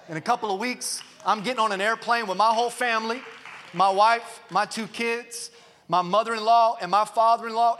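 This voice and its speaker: A man pastor delivers a rousing sermon in a church sanctuary, his voice high and bright. He jokes with the congregation, then climbs into full-throated shouting. The sound carries a long hall reverb. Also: slight background noise. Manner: energetic preaching, builds to shouting, joking asides.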